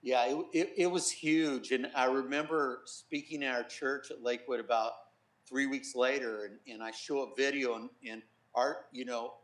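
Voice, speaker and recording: A man's voice: mid-range voice, steady tone, normal speed. Earnest man telling a story in a roomy studio. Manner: earnest storytelling, quoting others softly. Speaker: pastor and guest. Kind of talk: personal testimony in a TV interview.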